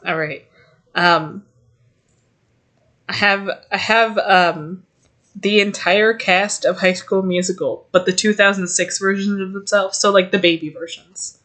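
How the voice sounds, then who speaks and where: A young woman chatting on a podcast with her co-host, laughing often and swearing freely as she rambles through silly ideas. Her pitch sits in the middle of the range, and her voice sounds loose and unpolished. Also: steady tone, measured pace, fairly bright tone. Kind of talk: casual chat.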